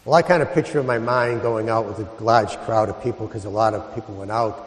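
A man, a priest, giving a homily full of stories and rhetorical questions, dropping to soft, slow lines for emphasis. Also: fairly low pitch, steady tone. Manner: storytelling, rhetorical questions, soft dramatic drops. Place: church. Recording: echoey church hall.

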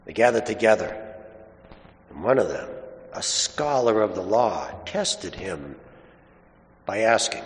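With a lowish voice, big swings in pitch, a measured pace and long pauses, this Catholic priest or deacon delivers a gospel reading and homily. He tells folksy stories from his own life woven together with scripture, recorded in a large, echoey church with long reverb.

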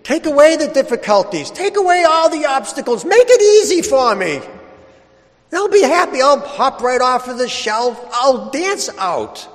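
A man's voice: very high voice, expressive, measured pace, voice pushed up. A preacher voicing Lazarus as a dead man in a tomb, first whining to be freed, then set on following the voice that calls him. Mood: pleading, whiny. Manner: whiny and pleading, then stubbornly determined. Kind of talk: preacher acting out a character in a homily. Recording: long church reverb.

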